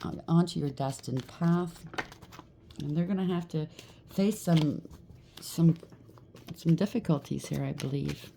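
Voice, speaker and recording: Low gravelly woman reading tarot. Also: measured pace, pauses often, noisy background. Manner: chatty, repeats "okay?" and "right?" to the viewer. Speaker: tarot reader. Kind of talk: casual tarot card reading.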